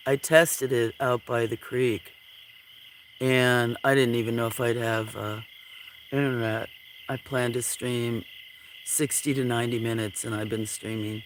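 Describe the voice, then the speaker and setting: A man hosting a late-night livestream outdoors, chatting with viewers in a sleepy, relaxed way and yawning often. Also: mid-range voice, low-quality recording. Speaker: livestream host. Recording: outdoor night ambience with insect noise. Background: crickets, frogs and insects.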